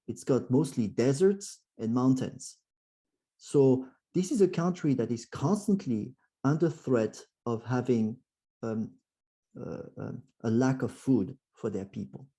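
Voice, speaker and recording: Speaking at a measured pace, a husky man of medium pitch gives a club presentation as a guest speaker. He is from France and has a French accent, and his talk is full of fillers, restarts, and animated impressions of others' words.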